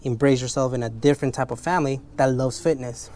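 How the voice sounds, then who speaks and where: A man's voice: medium pitch, fairly even intonation, fast talker, darkish tone, a little hiss or hum. A man with English as his second language, frankly chatting in a rambling, motivational way while detailing his car, swearing casually.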